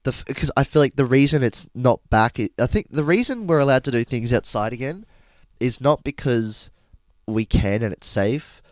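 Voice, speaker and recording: A young man with a mid-range voice trades jokes in lively podcast banter. The sound is dry and close to the mic. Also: medium pitch, moderate pace, no room sound. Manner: joking, animated banter. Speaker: podcast co-host. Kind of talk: casual chat.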